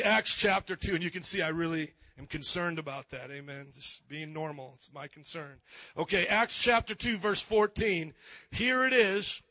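Male pastor, high bright voice, lively joking sermon, dry and a bit muffled. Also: no echo. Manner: animated and joking, acts out quotes.

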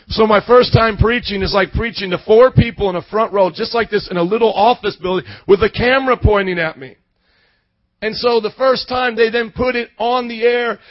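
A man preaching, telling his story in a sermon, from quiet storytelling up to shouted passion. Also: high-pitched, dry recording, dull audio. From Indiana suburb. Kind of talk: sermon testimony.

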